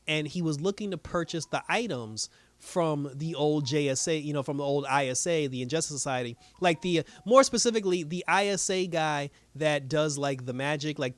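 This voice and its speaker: A man's voice: on the high side, dry recording. Chatty man recapping a show. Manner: loose and chatty, acting out characters' lines. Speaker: show reviewer. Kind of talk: casual episode recap.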